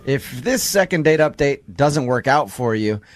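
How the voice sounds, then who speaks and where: A man's voice: medium pitch, animated, normal speed. A man hosting a radio morning show, teasing a caller and laughing often. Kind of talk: radio call-in banter. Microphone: studio microphone.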